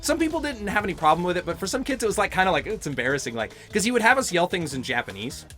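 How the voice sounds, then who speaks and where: A man's voice: sits high, big pitch swings, racing, fairly bright tone, soft background music. A middle-aged man chatting casually while playing a video game, telling rambling stories and laughing often. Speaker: gaming host. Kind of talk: casual let's-play chat.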